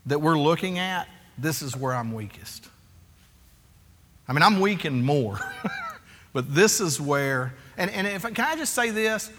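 A man in his forties preaching a sermon as a pastor, animated and confessional, acting out quotes and calling for amens. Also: on the high side. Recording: echoey hall.

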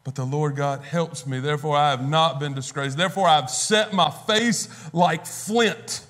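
A man with a high voice preaches a sermon. He talks in a conversational way and acts out the words of figures from scripture as he goes. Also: normal speed, a bit bright.

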